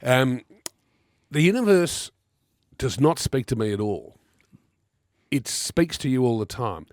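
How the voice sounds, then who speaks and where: Animated Australian radio co-host. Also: male voice, mid-range voice, unhurried, dry recording, studio quality. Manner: animated storytelling with laughs. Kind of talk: casual radio banter. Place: radio studio.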